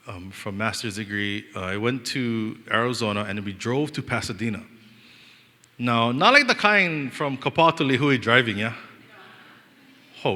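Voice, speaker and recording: Bright-voiced pastor with a Hawaiian Pidgin lilt. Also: male voice, mid-range voice. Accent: Hawaiian Pidgin-inflected English. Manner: animated, joking, acts out quoted voices. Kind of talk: storytelling sermon. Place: church hall. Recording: long reverb of a church hall.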